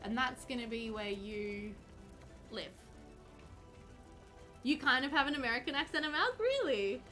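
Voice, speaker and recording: A woman's voice: high-pitched, lively intonation, measured pace, pushed and bright, soft background music. A woman streaming a game live, chatting casually, teasing the game characters and answering viewers.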